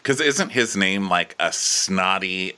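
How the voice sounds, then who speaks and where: Bright-voiced joking man. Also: slow pace, clear, resonant tone. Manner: animated, jumps into high put-on voices for jokes. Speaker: podcast co-host. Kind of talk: casual comedic recap chat.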